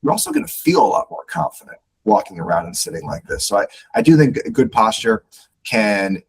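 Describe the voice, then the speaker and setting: Male podcast guest, coaching voice, lively swooping pitch, faint rumble behind. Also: brisk, poor audio. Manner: animated, instructive, repeats words when starting sentences. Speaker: guest speaker on leadership. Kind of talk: podcast interview, coaching advice.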